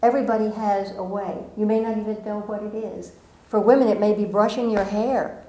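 A woman's voice: mid-range voice, fairly even intonation, fairly quick. Middle-aged woman giving a spiritual talk, earnest and playful, bit of room echo. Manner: gentle, earnest, with playful asides and laughs. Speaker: spiritual speaker.

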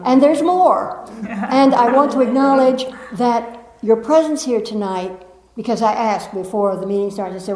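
Woman, spiritual teacher, fairly high voice, emphatic, repeats herself, echoey meeting room. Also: normal speed, darkish tone. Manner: emphatic, repeats phrases, playful asides. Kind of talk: spiritual talk to a live audience. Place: room with a live audience. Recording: roomy echo of a meeting room.

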